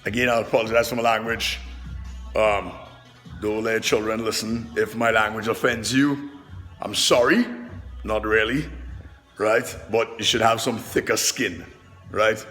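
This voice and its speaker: Loud, animated, profane male trainer. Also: on the low side, unhurried, pauses often, long reverb tail, faint music behind. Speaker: personal trainer and vlogger. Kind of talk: loud casual monologue to camera. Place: fitness gym.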